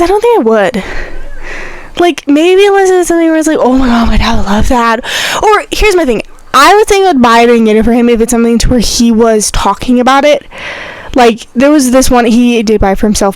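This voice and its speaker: Chatty young woman, rambling and animated. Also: on the high side, no room sound. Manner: rambling, animated, repeats herself, frequent "like". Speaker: podcast host. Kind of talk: casual solo podcast chat.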